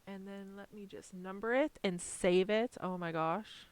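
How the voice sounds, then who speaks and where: A woman chatting casually on a live stream while designing stickers, self-deprecating and talking to her software as she works. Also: medium pitch, measured pace, no room sound.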